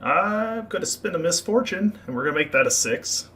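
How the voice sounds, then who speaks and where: A man acting as game master, narrating a tabletop game and explaining rules with relaxed fillers. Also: high voice, moderate pace.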